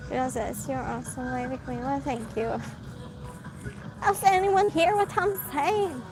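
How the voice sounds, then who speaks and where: A woman's voice: high-pitched, measured pace, low-quality recording. A woman, chatting casually and giggling as she reads out live comments while walking outdoors at night. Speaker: livestreamer. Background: music from a passing car.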